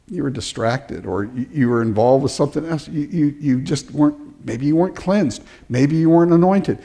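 A man preaching a sermon as pastor, animated, often restarting words and acting out the people he quotes. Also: a little high.

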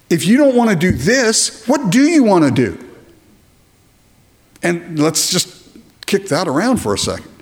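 A man preaching a sermon, animated and chuckling often, acting out little dialogues in his talk. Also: sits high. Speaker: pastor.

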